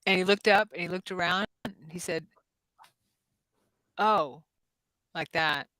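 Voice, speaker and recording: A woman's voice: on the low side, fairly even intonation, brisk, bright, forceful tone, no echo, poor audio. A woman in her fifties hosting a casual livestream, telling stories with many ums and restarts. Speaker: psychic-medium host.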